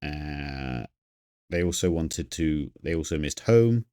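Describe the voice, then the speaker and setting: A man's voice: a bass voice, lively intonation, slow, dark tone. A man streaming a game, thinking aloud and rambling as he plays and chats with viewers. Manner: reads chat aloud. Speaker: gaming streamer. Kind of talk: live game commentary.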